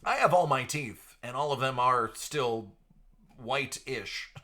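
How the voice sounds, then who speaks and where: A man's voice: medium pitch, takes it slowly, sharp tone. A man hosting a live card-breaking stream, chatting casually with a projected, radio-style delivery into a studio mic. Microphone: entry-level studio microphone.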